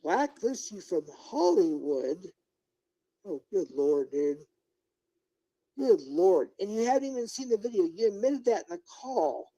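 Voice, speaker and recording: A man's voice: sits high, big pitch swings, unhurried, warm tone, rough recording. A middle-aged man live-streaming as a YouTuber, ranting indignantly and talking straight to his viewers and chat. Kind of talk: unscripted livestream rant.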